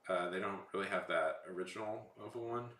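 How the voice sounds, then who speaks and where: A man's voice: low voice, a little fast, fairly bright tone, roomy sound. A young man chatting casually and rambling while drawing on a stream. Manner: rambling, lots of fillers and trailing off.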